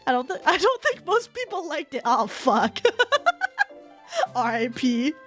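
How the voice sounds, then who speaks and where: Young adult woman, high voice, casual streaming chat, laughs a lot, swears, faint background music. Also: sing-song, slow, fairly bright tone. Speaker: VTuber streamer. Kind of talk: casual chat with viewers while reading chat.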